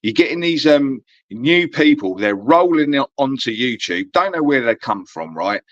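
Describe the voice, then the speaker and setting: A man chats in a rambling, animated way, swearing freely as he vents. His voice sits in an ordinary middle range. The recording is dull and dry. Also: medium pitch, normal speed, no room sound. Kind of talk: casual chat.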